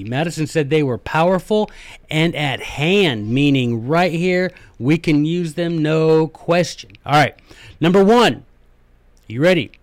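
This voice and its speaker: A man's voice: on the high side, no echo. A middle-aged man with a light Southern US accent, hosting a folksy, chatty lecture full of emphatic asides. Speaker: host.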